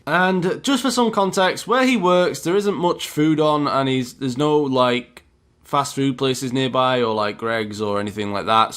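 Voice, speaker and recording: Rambling man telling a story. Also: on the high side. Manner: rambling, animated retelling with fillers. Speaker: storytime vlogger. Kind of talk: casual storytelling.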